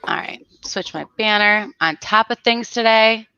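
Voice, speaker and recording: A woman's voice: mid-range voice, measured pace, sharp tone, clean tone, dry recording, muffled recording. A woman from South Florida hosting a casual livestream and greeting her viewers by name. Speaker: livestream host.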